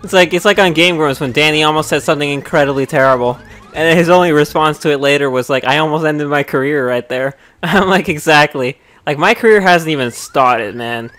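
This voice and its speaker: A young man streaming a video game live, rambling casually between bouts of swearing and frustrated yelling. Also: a little high, a little fast, soft background music. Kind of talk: live gameplay commentary.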